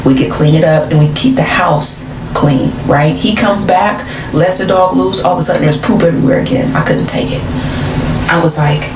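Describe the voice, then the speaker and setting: Animated woman telling a story in a room. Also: on the low side, moderate pace, music in the background. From Atlanta, Georgia. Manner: animated, dramatic. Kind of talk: casual storytelling. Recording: roomy, distant, noisy.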